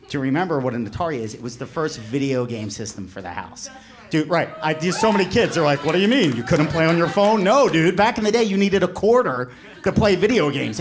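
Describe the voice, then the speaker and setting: A man in his forties doing a stand-up comedy set, telling a story in an animated way and shouting when he voices characters. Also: mid-range voice. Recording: live club with audience laughter. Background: audience laughing.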